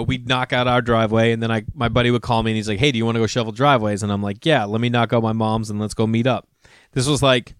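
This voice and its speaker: A middle-aged man talks casually as a podcast host, wandering through stories with plenty of restarts. His voice is smooth and resonant, recorded dry and close with no room sound. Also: mid-range voice, no echo. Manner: rambling storyteller, frequent fillers and restarts. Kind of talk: casual chat with read ad.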